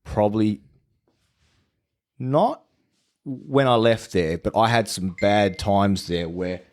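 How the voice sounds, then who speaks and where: A man's voice: lowish voice, slow pace, a little mellow. An Australian man telling his story as a podcast guest in a casual, laid-back way and swearing freely. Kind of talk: casual chat.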